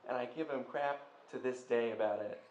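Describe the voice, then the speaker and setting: A young man telling a personal story in an animated way, acting out the other people in it. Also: mid-range voice, a little fast, dull audio. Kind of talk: personal story told to a listener. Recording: roomy echo, faint background noise.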